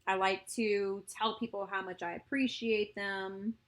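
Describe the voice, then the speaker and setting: A young adult woman co-hosting a podcast, talking in a relaxed, reflective way and backing her co-host with frequent mm-hmms. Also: mid-range voice, a little slow. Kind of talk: casual chat.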